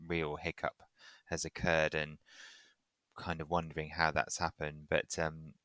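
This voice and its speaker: Male podcast host, deep yet bright, smooth and dry, thoughtful with fillers. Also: completely flat delivery, a little slow, no room sound. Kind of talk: casual interview chat.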